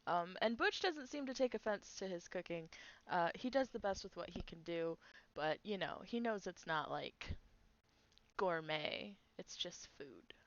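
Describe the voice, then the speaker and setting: A woman's voice: on the low side, expressive, unhurried, dry recording, muffled recording. A woman narrating as game master for a tabletop game, chatty and giggly with lots of filler words.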